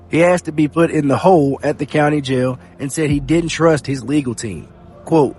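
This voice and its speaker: A man hosting a podcast, reading news reports aloud in a steady read-aloud delivery. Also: on the high side, a little fast, breathy edge. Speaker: podcast host. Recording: faint music bed behind.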